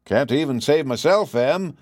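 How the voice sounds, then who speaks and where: A man voicing a timid older country husband in a storybook reading, with a husky voice and folksy speech. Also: fairly high pitch, animated, a little slow, darkish tone, dry recording, studio quality, pitched above the performer's own voice. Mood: scared.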